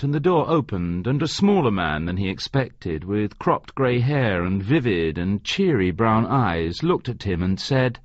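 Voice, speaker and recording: A man narrating an audiobook in a slow, deliberate reading. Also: lowish voice, dry recording. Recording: dry, slightly muffled recording.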